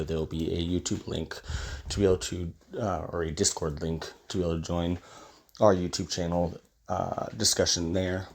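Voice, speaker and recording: A man's voice: sits low, creaky, a little mellow, a little hiss or hum. A man who is sick, his voice slightly off, giving a casual, conversational game guide as a YouTuber. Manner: conversational and explanatory, wry. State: sick, voice a little off.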